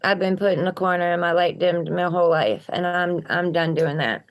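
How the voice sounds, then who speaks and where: A woman's voice: fairly low pitch, normal speed. A woman with a Southern accent, reading tarot cards on a live stream and chatting encouragingly with viewers. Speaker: tarot reader.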